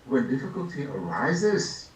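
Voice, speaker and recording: An older man, a Buddhist lama, giving an unhurried, reflective dharma talk, laughing softly and acting out little scenes as he teaches. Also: mid-range voice, big pitch swings, noisy background. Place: meditation hall. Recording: echoey room, distant mic, faint ambience.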